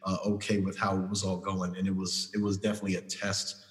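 Very low, monotone man, hesitant interview guest, echoey call audio. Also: fast. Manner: hesitant, many fillers. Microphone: video call.

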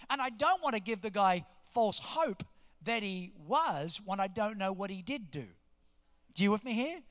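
A pastor in his fifties, telling a story from the pulpit and acting out every voice in it. His voice sits very high and rings bright and forceful. The sound carries a long reverb from a large church hall. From New Jersey, US. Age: 50s. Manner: animated storyteller, acts out quotes. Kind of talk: storytelling sermon.

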